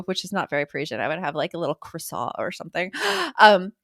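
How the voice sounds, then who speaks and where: A woman's voice: medium pitch, very animated, fairly quick, hardly any pauses, a bit bright, dry recording, clean studio sound. A middle-aged woman hosting a parenting podcast, chatting casually, laughing often and mimicking her kids. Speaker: podcast host. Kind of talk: casual chat.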